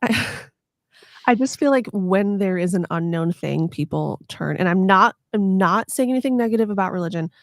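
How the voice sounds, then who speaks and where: A woman from the United States chats on her podcast in a playful, sarcastic way, swearing now and then and slipping into silly voices. Her pitch sits in the middle, and the sound is dry and close, with no room around it. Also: expressive, normal speed, a little mellow, no echo. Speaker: podcast host. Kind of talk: casual chat.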